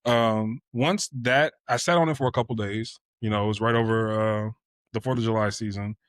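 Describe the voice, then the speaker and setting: A young man in his twenties, with a lowish, clean-toned voice and a steady delivery at moderate pace, opens up about his own experience on a podcast. He sounds reflective and candid, peppering the casual story with "you know." Dry recording, clean studio sound.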